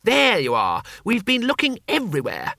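Two Flower, a man doing a high, eager tourist. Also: huge pitch swings, moderate pace, gravelly, dry recording, studio quality, full character voice. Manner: bright, eager and friendly. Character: cheerful, eager male foreign tourist.

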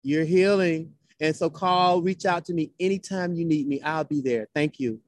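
A man's voice: a little high, moderate pace, no echo. A man from Florida, a poet guest in an interview, speaking with a rhythmic, repetitive, preacher-like cadence. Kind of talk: heartfelt conversational interview.

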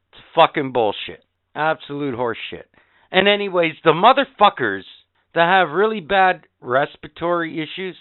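A man's voice: high voice, smooth, dry recording, narrow, tinny audio. A man in his fifties hosting a podcast, delivering a profane, sarcastic, exasperated rant. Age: 50s. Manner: foul-mouthed, sarcastic, exasperated. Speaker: podcast host. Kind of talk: profane ranting monologue.

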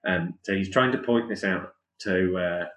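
Man, podcast guest, lively storyteller, lowish voice, echoey room. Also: moderate pace. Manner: animated, chatty anecdotes with laughs. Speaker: guest musician.

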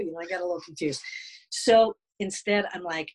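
A man, a wolf advocate guest, telling a story in an interview with many halting restarts. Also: sits high, low-quality recording.

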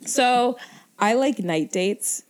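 A woman's voice: on the high side, expressive, takes it slowly. A young woman co-hosting a podcast, chiming in with wry, laughing remarks in casual chat. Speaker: podcast co-host.

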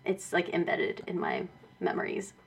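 A woman's voice: low-pitched, moderate pace, vocal fry, soft background music. A woman in her thirties from Texas, a guest artist chatting casually with frequent laughter. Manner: giggly, chatty, lively. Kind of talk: casual chat.

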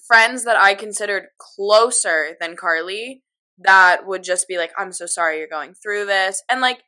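A woman's voice: medium pitch, bright, forceful tone. A woman in her twenties co-hosting a podcast, talking candidly with lots of filler words. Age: 20s. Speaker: podcast co-host. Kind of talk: casual chat.

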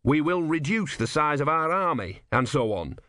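An earnest, gentle young man pleading with stern enemies. A male reader voices him a little above his own voice and keeps him soft-spoken. The recording is close and dry. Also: a little high, very animated, normal speed, dry recording, voice pushed up.

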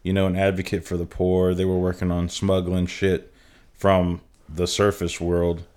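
A man co-hosting a casual podcast, explaining calmly with casual swearing. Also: low voice, normal speed, clear, resonant tone. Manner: laid-back, profane, explaining calmly. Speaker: podcast co-host. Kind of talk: casual chat.

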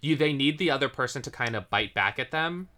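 A young co-host on a casual recap podcast, with a bright tone and a pitch that swings up and down. Eager and quick to agree, with plenty of swearing. The talk runs loose and unscripted. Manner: enthusiastic, swears, lively agreement.

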